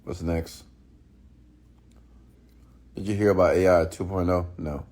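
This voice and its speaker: A man's voice: low voice, fairly even intonation, unhurried, long pauses, a little mellow. A man hosting a late-night live stream, ranting bluntly and profanely at viewers, then answering their questions. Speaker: entrepreneur mentor host.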